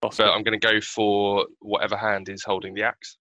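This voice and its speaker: Man, tabletop player, low yet bright voice, quick self-mocking chatter. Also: little pitch movement, no echo, highs cut off. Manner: laughing, self-deprecating, rushes his words. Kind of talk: casual tabletop game play.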